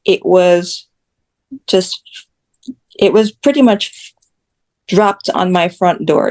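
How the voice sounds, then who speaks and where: A woman from Jamaica, a social media creator, speaking candidly as a guest in an interview and telling her story in a blunt, animated way. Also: on the low side, slow, long pauses. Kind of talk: conversational interview.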